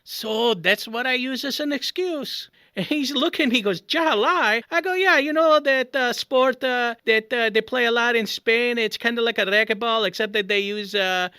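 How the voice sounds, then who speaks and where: A performer voicing an excitable middle-aged Italian immigrant man who tells rambling comic stories in broken English with an exaggerated Italian-American accent. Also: medium pitch, normal speed, hardly any pauses, clear, resonant tone, dry recording, studio quality, lightly acted. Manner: rambling, animated, broken grammar. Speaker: podcast host. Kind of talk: comic character monologue.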